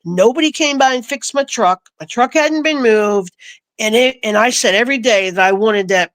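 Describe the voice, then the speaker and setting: A woman recounting a personal story in a casual, animated way, acting out the voices she quotes. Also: a little high, moderate pace, no echo. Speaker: guest.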